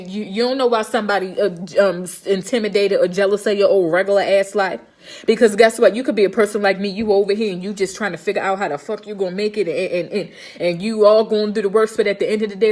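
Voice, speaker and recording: A woman speaks to her live-stream audience in a blunt, motivational way. She is emphatic and profane and keeps checking that her listeners understand her. Her voice sits at a middle pitch. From Baltimore, Maryland. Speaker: live streamer and home health nurse.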